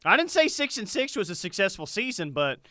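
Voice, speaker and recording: A man co-hosting a casual sports talk show, animated and chatty, reading listener comments aloud. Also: sits high, brisk, dry recording, studio quality. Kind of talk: casual sports radio chat.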